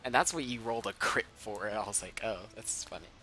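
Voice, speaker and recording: A young man running an online tabletop game as game master, chatty and quick to laugh, on a home mic over a voice call. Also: lowish voice, pushed and bright, soft background music. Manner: chatty, laughs often, restarts sentences. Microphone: home microphone on a voice call.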